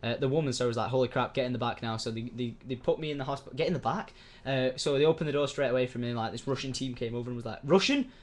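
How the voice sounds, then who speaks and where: A man's voice: medium pitch, racing. Young male vlogger, casual, rambling, sweary storyteller who acts out quoted voices. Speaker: YouTuber.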